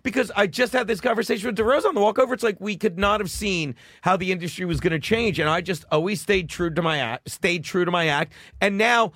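Middle-aged male comic, high voice, blunt and profane, dry studio mic. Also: quick pace, few pauses, fairly bright tone, no echo. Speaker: comedian guest. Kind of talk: casual podcast chat.

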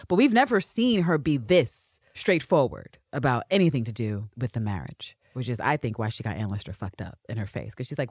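Low-voiced, animated podcast co-host woman. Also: a little fast, dry recording, studio quality. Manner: animated, swears freely, acts out characters' lines. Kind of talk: casual recap chat.

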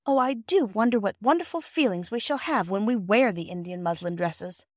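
A woman doing a gentle, earnest older girl. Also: mid-range voice, moderate pace, dry recording, studio quality, lightly acted. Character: earnest, careful eldest girl.

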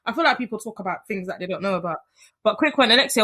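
A woman's voice: medium pitch, animated, racing, pushed and bright. A young woman hosting a casual podcast chat, bubbly and teasing. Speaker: podcast host.

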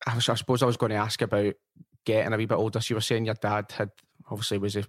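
A man's voice: lowish voice, very fast, no echo, studio quality. A man hosting a podcast, chatting loosely and trailing off into fillers. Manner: relaxed, loose, says "aye", trails off. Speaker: podcast host. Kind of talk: casual interview chat.

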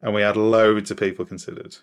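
Man, lowish voice, dry teasing quizmaster for a podcast chat. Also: flat delivery, fairly quick. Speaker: podcast guest running a quiz.

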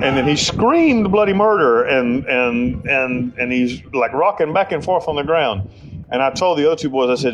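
A man's voice: medium pitch, animated, moderate pace, fairly bright tone, rough recording. An American man telling his life story in an interview, with blunt, rambling speech, profanity and frequent restarts. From United States. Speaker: interview subject.

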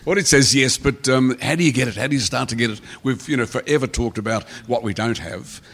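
Fast-talking journalist. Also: male voice, medium pitch, fairly bright tone. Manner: emphatic, rapid, repeating himself. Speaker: journalist panelist. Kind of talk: panel discussion. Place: theatre stage before a live audience.

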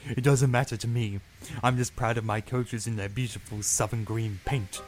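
A man voicing a boastful, pompous male tank engine in a storybook reading, with a sneering, drawn-out delivery. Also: medium pitch, steady tone, a little hiss or hum, lightly acted.

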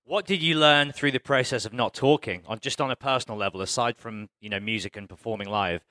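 A man's voice: medium pitch, a little fast, pushed and bright, no echo. A man hosting a live interview, asking reflective, probing questions. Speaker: interviewer host.

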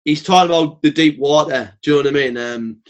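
Outspoken man, podcast guest, slightly high voice, blunt and sweary, animated storyteller. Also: fast. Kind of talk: casual podcast chat.

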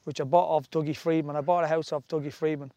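Irish ex-footballer guest, forties, higher pitch, dry, chatty and full of restarts. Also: male voice, steady tone, fast, mellow, no room sound, dull audio. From Ireland. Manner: rambling storytelling with restarts. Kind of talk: casual chat.

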